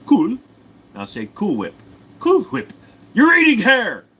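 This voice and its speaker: A snooty high-pitched Stewie. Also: male voice, wildly swooping pitch, slow pace, pushed and bright, a little hiss or hum, full character voice. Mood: haughty. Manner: clipped, haughty, demanding. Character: snooty infant boy genius, sneering.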